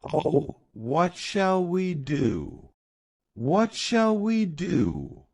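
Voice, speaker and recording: A man's voice: fairly high pitch, big pitch swings, drawn-out words, vocal fry, dry recording, pitched above the performer's own voice, heavily acted. A man voicing a confident, cheerful magical talking head in a storybook reading, raising his voice for it. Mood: fretful.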